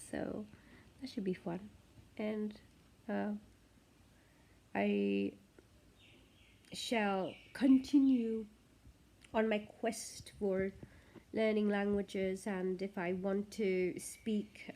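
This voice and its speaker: A woman's voice: medium pitch, dark tone, a little hiss or hum. Chatty, rambling woman vlogger. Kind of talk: casual chat to camera.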